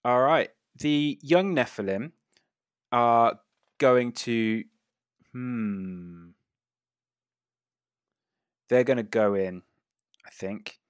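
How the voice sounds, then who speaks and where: A man narrating a tabletop game as game master, describing the action in a casual way with quick asides. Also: medium pitch, clean tone, no echo, studio quality.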